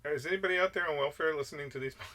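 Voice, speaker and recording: A man's voice: a little high, rapid-fire, sharp tone. A man co-hosting a podcast, mostly agreeing and chiming in with short replies. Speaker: podcast co-host. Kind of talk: casual podcast chat.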